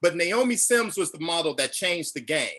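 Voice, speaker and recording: A man's voice: a little high, moderate pace. A man from Chicago telling stories in a virtual book talk, acting out quotes with feeling, close to tears. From Chicago, United States. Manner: animated storytelling, acts out quotes; emotional, near tears. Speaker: author, interview guest.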